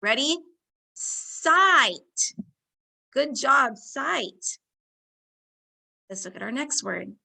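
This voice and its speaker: A woman teacher, slowly leading young children through a phonics lesson, sounding out words and giving warm encouragement. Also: fairly high pitch, animated, gravelly, breathy edge.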